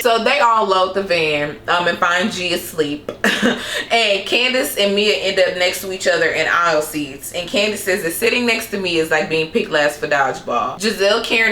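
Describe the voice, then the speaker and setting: A woman's voice: lowish voice, sharp tone, reverberant, slight background noise. A young woman recapping a reality show in casual, sassy commentary, laughing often and throwing in slangy asides.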